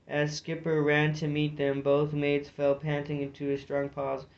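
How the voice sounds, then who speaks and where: A man narrates an animal adventure story, his voice fairly high yet held in a flat, even line. Small stumbles and restarts creep into his reading, and the recording sounds muffled and lo-fi. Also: unhurried, creaky, hardly any pauses. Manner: narrating with occasional slips and restarts. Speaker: audiobook reader. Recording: dull lo-fi recording.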